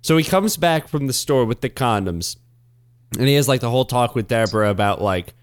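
A man's voice: medium pitch, lively intonation, fairly quick, no room sound, studio quality. A man co-hosting an improv comedy podcast, rambling earnestly into side topics in casual banter.

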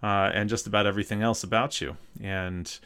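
A man's voice: on the low side, fairly even intonation, a little fast, bright, forceful tone, clean tone. A man co-hosting a podcast in casual chat, with no regional accent and a wry, joking manner. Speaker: podcast co-host.

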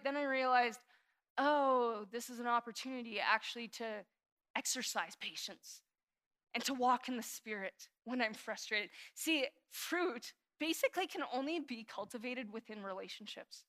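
A woman pastor in her thirties preaching with a fairly high voice. She is earnest and confessional, sinking into hushed prayers and then rising into animated emphasis. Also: moderate pace. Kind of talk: sermon.

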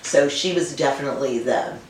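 The speaker is a middle-aged woman, a winemaker guest in a relaxed interview, talking a little fast in a low voice. She tells stories warmly but stops and restarts often, leaning on fillers, and the audio is distant and echoey with a faint noise floor.

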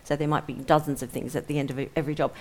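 A woman interior designer speaking thoughtfully on a live panel, with halting starts. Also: low voice, level tone. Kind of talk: panel discussion before a live audience.

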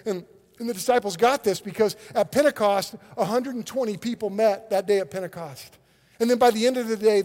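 Animated high-voiced pastor preaching. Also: male voice, big-room sound. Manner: animated, repeats words when excited. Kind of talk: sermon.

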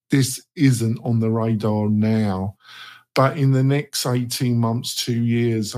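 Slow-talking English man. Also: medium pitch, a little mellow. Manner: dry sarcastic humor, thoughtful. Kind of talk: casual podcast talk.

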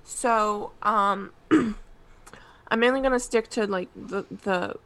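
A woman's voice: medium pitch, slow pace, a bit bright. A young woman, a podcast guest, speaking candidly in casual chat, telling a personal story with light self-deprecating humor.

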